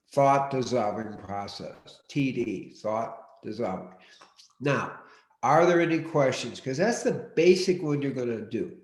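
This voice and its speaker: A man leading an online workshop, speaking in a deliberate, directive way and often repeating his key points. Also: medium pitch. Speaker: workshop teacher. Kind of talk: live online teaching session. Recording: roomy echo.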